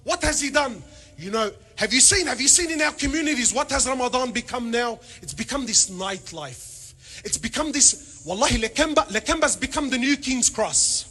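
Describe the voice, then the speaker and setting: A man giving a humorous religious talk to an audience, animated and full of rhetorical questions, with Arabic phrases mixed in. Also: very high voice, normal speed. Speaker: panel speaker.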